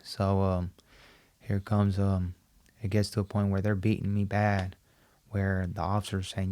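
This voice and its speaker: A man with a somewhat low voice speaks as a guest on a podcast interview. He tells a personal story in an animated way, often repeating himself and acting out the lines of other people. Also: measured pace. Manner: animated, acts out quoted dialogue, repeats himself.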